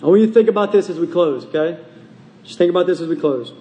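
A man's voice: high voice, lively intonation, quick pace, dark tone. A man preaching a sermon to his congregation, pressing them with urgent, repeated questions. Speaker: pastor. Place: church sanctuary. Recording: long reverb of a large hall.

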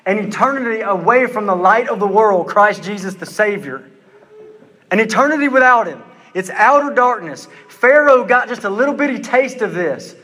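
A man preaching a sermon, intense and emphatic, slowing down to stress his words. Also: high-pitched, expressive, pushed and bright, big-room sound.

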